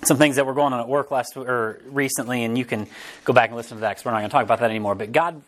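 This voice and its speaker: A man's voice: medium pitch, very fast. Guy pastor giving a casual sermon, talks like chatting w the congregation, keeps restarting and acting stuff out. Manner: casual, animated, often restarts and acts out quotes. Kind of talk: conversational sermon.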